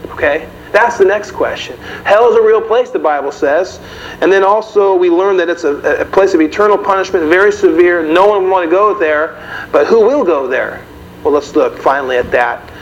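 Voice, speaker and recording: A man's voice: high voice, moderate pace. A man preaching a sermon in a conversational way, often asking the audience questions. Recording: dull, slightly noisy recording.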